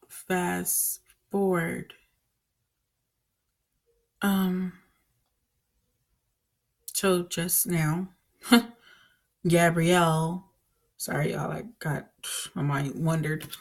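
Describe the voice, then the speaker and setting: Earnest woman, low voice, rambling testimony. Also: little pitch movement, very slow, creaky, long pauses. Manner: earnest, rambling, with many fillers and restarts. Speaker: vlogger sharing a faith testimony. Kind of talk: casual personal testimony.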